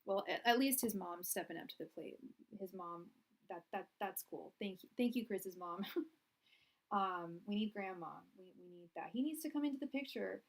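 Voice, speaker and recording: A woman's voice: mid-range voice, animated, normal speed. A young woman doing a live tarot reading, chatty and rambling, full of fillers and restarts, projecting her voice. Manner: projecting loudly so the audio carries. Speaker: tarot reader.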